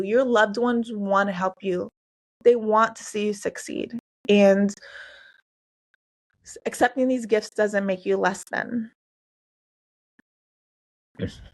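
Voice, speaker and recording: A woman in her forties hosting a heartfelt solo podcast, earnest and emotional, talking to listeners with lots of "like" and "y'all". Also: medium pitch. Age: 40s. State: tearful at times. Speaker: podcast host and coach.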